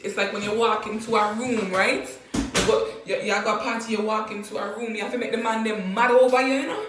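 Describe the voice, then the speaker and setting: A woman's voice: on the high side, steady tone, brisk, background noise. A woman with a Jamaican accent giving a casual, playful vlog lesson, laughing often and repeating phrases. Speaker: language teacher vlogger. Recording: very echoey room.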